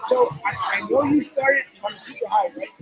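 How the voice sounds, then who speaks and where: A man's voice: very high-pitched, sing-song, moderate pace, fairly bright tone, faint music behind, poor audio. A man hosting a sports talk show, rambling and repeating himself as he talks. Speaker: host. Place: loud sports bar.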